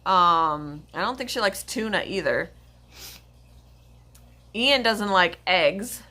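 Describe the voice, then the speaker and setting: A woman's voice: mid-range voice, expressive, slow pace, sharp tone. A woman hosting a pet channel, chatting casually on a livestream in a rambling way, often stopping to correct herself.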